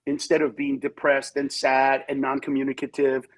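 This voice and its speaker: A comedian guest on a talk show, telling candid stories and acting out the people in them. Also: male voice, mid-range voice, moderate pace, low-quality recording. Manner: animated storyteller who acts out voices in quotes.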